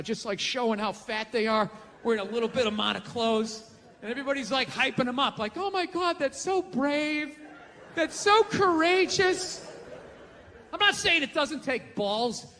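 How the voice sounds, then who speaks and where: A male stand-up comedian, profane and ranting, shouting his punchlines during a live routine. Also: very high voice. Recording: live theater with long reverb and faint ambience.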